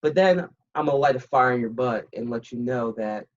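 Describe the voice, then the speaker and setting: A brisk bass voice carries this story from a woman in her fifties, formerly a military pilot, speaking on a podcast. Candid and blunt, she animatedly quotes the dialogue in casual interview storytelling, heard through slightly muffled, dull audio.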